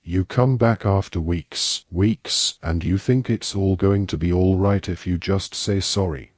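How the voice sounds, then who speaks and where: A man reading an audiobook, voicing a furious teenage witch girl who scolds sharply and loudly. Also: deep voice, unhurried, no echo, studio quality. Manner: sharp scolding, loud outbursts.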